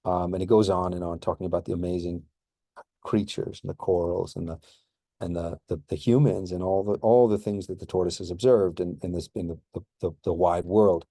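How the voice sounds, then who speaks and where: A man recording a relaxed course introduction as a history professor, with many fillers and restarts. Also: low voice, brisk, dry recording, studio quality.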